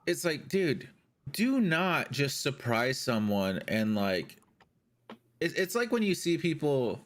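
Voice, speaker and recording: A man's voice: medium pitch, slow. Man retelling stories on a podcast. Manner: animated storyteller, acts out quoted lines. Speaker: podcast co-host. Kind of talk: casual chat.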